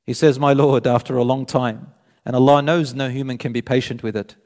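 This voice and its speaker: Animated preacher man, hall reverb. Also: medium pitch, fairly quick. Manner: animated storytelling, voicing both sides of the dialogue. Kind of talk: sermon retelling a hadith.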